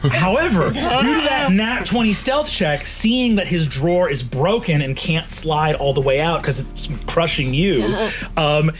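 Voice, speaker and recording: A man running a tabletop game as game master, recapping in halting bursts and growing animated over combat. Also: a little high, music in the background. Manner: halting, full of restarts, animated when describing action.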